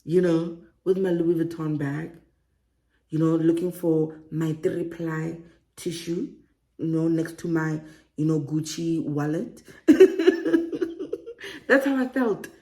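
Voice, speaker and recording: A woman from Africa, talking excitedly in a casual vlog and laughing often. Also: low voice, a little slow. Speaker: relocation vlogger. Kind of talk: casual enthusiastic vlog talk.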